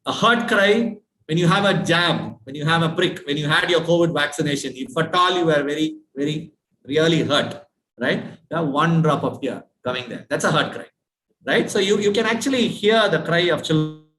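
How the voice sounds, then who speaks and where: A man's voice: on the high side, normal speed, a bit bright, echoey room, slight background noise, poor audio. A man with an Indian accent giving a dental lecture, often asking the students questions and repeating his points. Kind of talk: classroom lecture.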